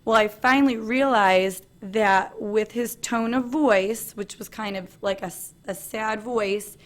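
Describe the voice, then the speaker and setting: A woman in her thirties giving an earnest personal presentation at a family meeting, pausing often on "um". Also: medium pitch. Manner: earnest, frequent "um" fillers, light laughs.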